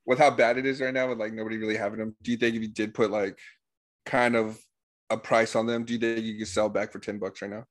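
A man's voice: fairly low pitch, level tone, fast talker, dry recording. A man in casual chat, easygoing, asking questions and laughing along.

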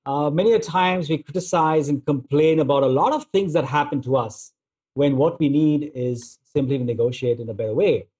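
A man giving a relaxed storytelling talk, using plenty of filler words as he tells everyday examples. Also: a little high, moderate pace, breathy edge. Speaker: speaker on negotiation.

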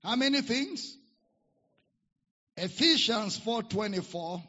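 A man's voice: high voice, expressive, slow, bright, forceful tone. A man with a Nigerian accent preaching a sermon, leading the congregation in call-and-response repetition. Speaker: pastor. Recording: echoey hall, dull lo-fi sound.

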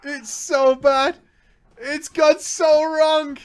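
A man's voice: high voice, sing-song, moderate pace, fairly bright tone. A man hosting a comedy podcast, reading a story aloud with exaggerated, laughing banter.

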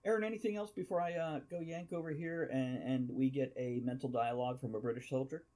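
A man's voice: mid-range voice, fast talker, dark tone. A man hosting a casual chat among writers, giving rambling, encouraging feedback. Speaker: podcast host.

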